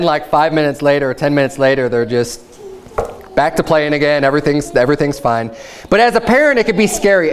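A young adult man preaching a sermon at a church service, frank and conversational, with stories from his own life. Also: high voice. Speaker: pastor.

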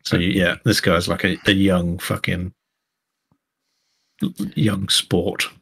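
A man running a tabletop game, narrating scenes in a relaxed, joking way. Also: deep voice, takes it slowly, gravelly, husky. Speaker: game master.

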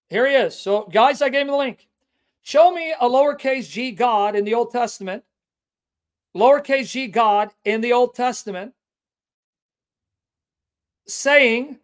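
A man hosting a Christian apologetics livestream, combative and taunting, calling out an opponent and stressing phrases slowly. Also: extremely high pitch. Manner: emphatic, with drawn-out stressed phrases.

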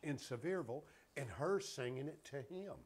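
Speaking at a moderate pace in a fairly high, husky voice with lively intonation, this guest singer in his 70s tells folksy stories on a talk show. He drawls through the casual chat and performs the quoted lines.

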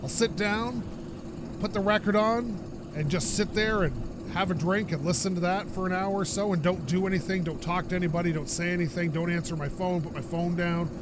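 Gaming host, male, from Canada, high voice, stuffy nose, rambling and chatty over game noise. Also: brisk. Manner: rambling, chatty, laughs often. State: stuffed-up, coughing from dust. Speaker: gaming YouTuber. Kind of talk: casual let's-play commentary.

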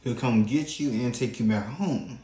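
A man hosting his own channel, giving reaction commentary in a drawn-out way with frequent pauses. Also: mid-range voice, mellow, echoey room. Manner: slow, drawn-out, pausing often. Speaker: channel host.

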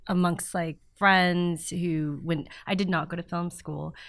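Woman, lowish voice, podcast co-host, casual questions with fillers. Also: steady tone, a little slow, gravelly. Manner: asks questions with many fillers.

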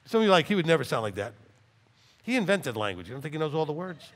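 A rabbi teaching Torah to a live class, acting out dialogues with big swings in loudness. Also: male voice, racing, slight background noise. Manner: animated, acts out dialogues in wide swings of pitch and loudness. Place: hall with a live audience. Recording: long reverb in a hall.

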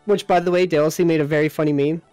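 A man's voice: on the high side, steady tone, rapid-fire, darkish tone, no room sound, soft background music. A man chatting casually as a co-op streaming partner, teasing and friendly. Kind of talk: casual gameplay chat.

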